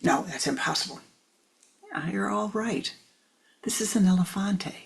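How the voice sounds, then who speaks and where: A woman voicing a wise, calm owl that gently chides, in a spiritual teaching story. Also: mid-range voice, creaky, low-quality recording. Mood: amused, calm. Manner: gently chiding, soft and unhurried.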